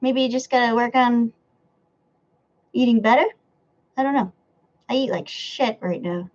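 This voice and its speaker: A woman's voice: a little high, a little slow, lo-fi sound. A woman, live-streaming from home and chatting casually as she reads out her chat, swearing and laughing often. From United States. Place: home room near a window.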